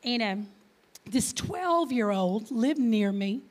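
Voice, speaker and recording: Slowly and with animation, a Texas woman in her fifties speaks as a guest at church in a voice on the high side. Her talk is chatty, marked by a slight stutter and many questions directed at the crowd.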